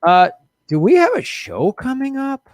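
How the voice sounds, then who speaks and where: A man's voice: extremely high pitch, wildly swooping pitch, unhurried, no room sound, clean studio sound. A man with a nasal Midwestern American accent hosting a casual live stream, wry and joking as he reads viewer comments. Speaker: host.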